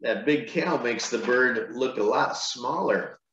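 A pastor reads a picture book aloud to children in a slow, unhurried way, pausing for gentle, chatty asides. His voice sits at an ordinary middle pitch for a man. The sound is echoey and a little dull, like a lo-fi recording in a roomy space. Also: a little hiss or hum.

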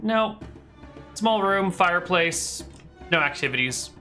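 A man's voice: sits high, animated, takes it slowly, pushed and bright, soft background music. A man narrating a tabletop game as game master, describing scenes casually with many fillers.

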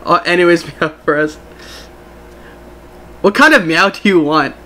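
A young man streaming a game, chatting casually with his viewers in an excitable, giggly way. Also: on the high side, a little slow, slight background noise. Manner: excitable, giggly, talks to chat. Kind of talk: casual live-stream chat.

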